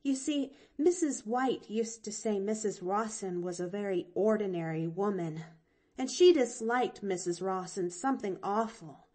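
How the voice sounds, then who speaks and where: A woman's voice: mid-range voice, unhurried, darkish tone, lightly acted. A woman reading an audiobook, voicing a cheerful, chattering little girl who rambles breathlessly.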